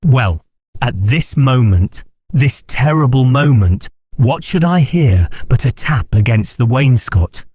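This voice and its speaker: A man voicing a nervous, talkative Irish gentleman who tells a dark story in a confiding, dramatic way. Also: medium pitch, animated, slow, breathy edge, no echo, pitched above the performer's own voice. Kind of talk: audiobook character voice.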